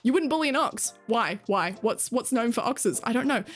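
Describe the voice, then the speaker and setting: With soft background music, a woman from Australia casually chats with her stream's viewers and reads their messages, laughing frequently and cursing offhandedly. Her slightly high voice moves at a moderate pace with lively intonation.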